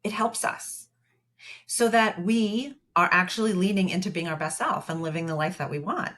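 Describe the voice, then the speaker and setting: A woman's voice: lowish voice, moderate pace, a bit bright. A woman therapist who is a podcast guest, explaining things at length with many fillers and acting out the dialogue from a client story. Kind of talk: conversational podcast interview.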